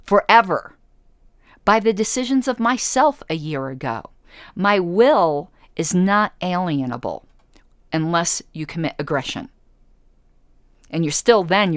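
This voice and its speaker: Woman radio host with a lowish voice, sarcastic and argumentative, arguing back at an article she reads on air. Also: no room sound, clean studio sound. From United States. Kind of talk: reading and rebutting an article.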